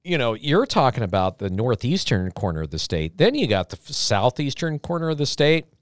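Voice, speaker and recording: A man chatting as a podcast guest, his pitch swinging up and down as he rambles through a long story. He slips in deadpan jokes along the way. The sound is dry and close, with no room echo. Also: a little fast. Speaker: podcast guest, radio host. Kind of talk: casual chat.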